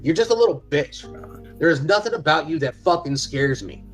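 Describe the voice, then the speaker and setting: A man's voice: fairly high pitch, animated, normal speed, soft background music, poor audio. A father speaking on a live panel in a heated, profane, confrontational rant. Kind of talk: angry rant.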